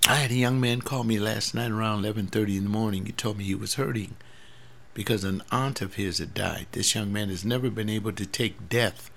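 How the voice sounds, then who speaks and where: A man's voice: on the low side, steady tone, brisk, gravelly, a bit bright. A man in his seventies, a pastor, talking earnestly in a rambling personal monologue, often repeating words. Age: 70s.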